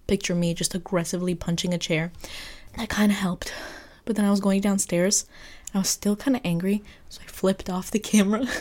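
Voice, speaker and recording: A young woman telling a personal story in a casual, expressive podcast monologue, full of fillers and the odd swear word. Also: on the low side. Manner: chatty, expressive, lots of fillers and mild swearing. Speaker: podcast host.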